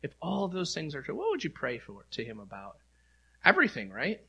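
A man's voice: fairly high pitch, huge pitch swings, fairly quick, vocal fry, sharp tone, slightly rough. A middle-aged male pastor preaching in an earnest, conversational way, acting out heartfelt prayers aloud. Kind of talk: sermon.

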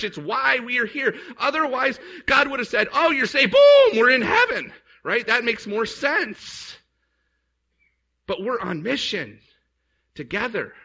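A man's voice: a little high, bright, forceful tone. A man preaching a sermon as a pastor, emphatic and storytelling, with rhetorical questions to the congregation. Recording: dull lo-fi recording.

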